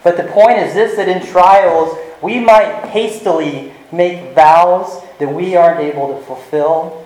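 A male pastor preaching a sermon in an earnest way, slowing down and dropping to a soft voice to stress his points. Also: high voice. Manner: earnest, varies volume, slows for emphasis. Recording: echoey room.

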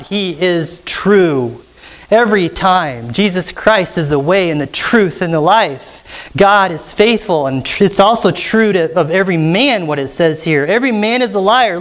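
High-voiced man preaching an emphatic sermon. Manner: emphatic, teacherly, engages congregation with questions. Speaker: pastor. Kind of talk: expository sermon.

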